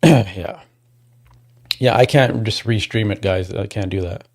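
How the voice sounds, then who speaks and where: A man hosting a casual livestream watchalong, rambling and talking to his chat, and getting loud and worked up when he complains. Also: fairly low pitch, a little slow. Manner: rambling, restarts, talks to chat. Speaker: livestream host.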